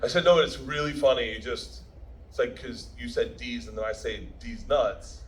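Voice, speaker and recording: A man's voice: mid-range voice, a little fast, a little hiss or hum, low-quality recording. A man giving a speech at a premiere, telling a story in a brash, profane, laughing way and acting out the quotes. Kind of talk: stand-up style storytelling speech.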